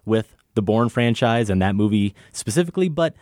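A man's voice: on the low side, animated, a little fast, a little mellow, no echo, studio quality. A man hosting a film podcast in a playful, teasing chat with his co-host. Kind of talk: casual chat.

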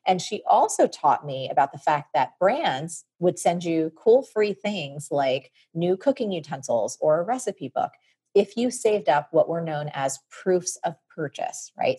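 Middle-aged guest storyteller, low husky voice, lively. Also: female voice. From New Jersey. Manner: animated, vivid storyteller. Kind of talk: personal storytelling on a podcast.

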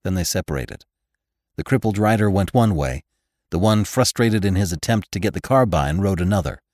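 A man reading a classic western novel aloud as a podcast narrator, with measured, dramatic storytelling and grim, low-voiced character lines. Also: expressive, darkish tone, dry recording, studio quality. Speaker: audiobook narrator. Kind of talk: scripted narration.

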